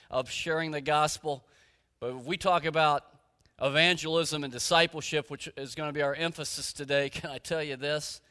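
Male pastor, storytelling sermon, crisp forceful voice with long hall echo. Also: fairly high pitch. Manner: storytelling, retelling conversations. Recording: reverberant hall.

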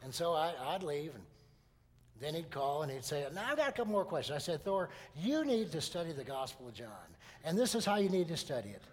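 Emphatic preacher in a reverberant hall. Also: male voice, on the high side, very animated, a little fast. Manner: storytelling preacher, emphatic rises on key phrases. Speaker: pastor. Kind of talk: sermon.

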